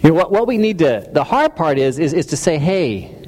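A man delivers a sermon in a loose, conversational way, often restarting his sentences and poking fun at himself. His voice sits a little on the high side, and a long reverb trails behind it in a church hall. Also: animated, fast talker, darkish tone, slight background noise. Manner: conversational, self-deprecating, many restarts and stammers. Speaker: pastor.

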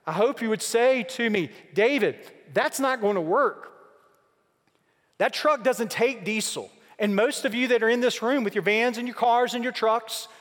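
A man preaching a sermon, building through repeated rhetorical questions and slow, emphatic pauses. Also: very high voice. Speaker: pastor. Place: church sanctuary. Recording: long hall reverb.

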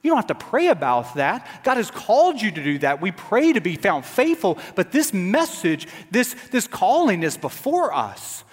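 High, lively preaching man in echoing church. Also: moderate pace, few pauses. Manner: dramatic preaching, drops to soft near-whispers for God's voice. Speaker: pastor. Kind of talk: sermon. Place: church sanctuary. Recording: church sanctuary with long reverb.

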